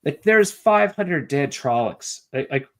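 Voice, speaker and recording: A man's voice: on the high side, animated, takes it slowly, a bit bright. A man co-hosting a book podcast, talking casually with rambling, profane asides and lots of filler words. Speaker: podcast co-host. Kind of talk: casual chat about a book.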